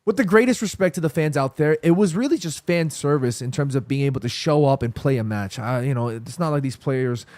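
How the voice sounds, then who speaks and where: A man's voice: medium pitch, expressive, fairly quick, hardly any pauses, darkish tone, no echo. A man with a New York accent hosting a football live stream, rambling casually and answering chat comments while tired. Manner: rambling, restarts and self-corrections. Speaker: football livestream host.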